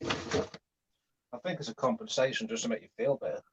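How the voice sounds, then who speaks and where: A man in a casual chat giving deadpan, matter-of-fact advice and comments. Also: mid-range voice, normal speed, background noise.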